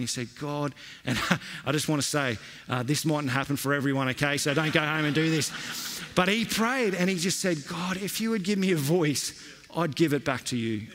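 A man preaching a sermon, telling stories in a lively, conversational way. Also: on the high side, slight background noise. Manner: storytelling, animated and conversational. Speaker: pastor. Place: church hall. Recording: long reverb of a church hall.

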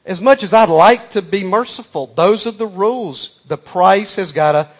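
A man's voice: high-pitched, normal speed. A man voicing a stern, matter-of-fact judge who firmly repeats the rules. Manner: firm, matter-of-fact, repetitive.

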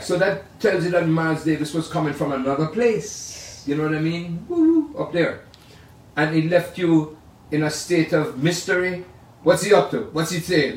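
An older man, a jazz pianist, telling rambling, animated stories in a casual way. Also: fairly high pitch. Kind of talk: casual storytelling. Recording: roomy sound from far off.

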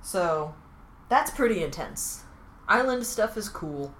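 A woman's voice: mid-range voice, lively intonation, a bit bright, reverberant, slight background noise. A woman co-hosting a podcast, casually recapping a TV episode with lots of "like" and "um". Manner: chatty, many fillers like "like", "um" and quick asides. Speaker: podcast co-host.

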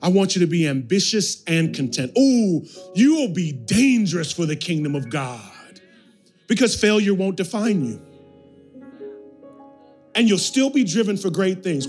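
A pastor preaching a sermon, repeating phrases and calling the congregation to respond. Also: male voice, high voice, big pitch swings, normal speed, darkish tone, faint music behind. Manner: repetitive, building preaching with call-and-response. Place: church sanctuary.

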